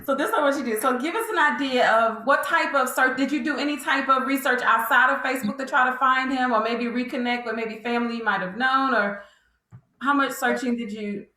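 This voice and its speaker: Bright-voiced woman host, roomy echo. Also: sits high, fairly quick. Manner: asks long probing questions, encouraging. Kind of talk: interview.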